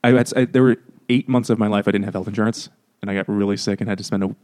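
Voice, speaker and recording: A man's voice: lowish voice, fairly even intonation, rapid-fire, darkish tone. Rambling, swearing man chatting on a podcast. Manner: rambling, profane, acts out quoted exchanges. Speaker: podcast co-host. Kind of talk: casual chat.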